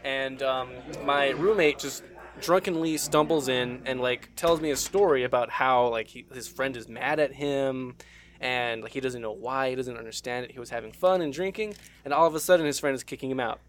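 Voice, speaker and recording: A man's voice: mid-range voice, normal speed, fairly bright tone, a little hiss or hum. A young man, a podcast host, telling a crude college story in casual, laid-back chat.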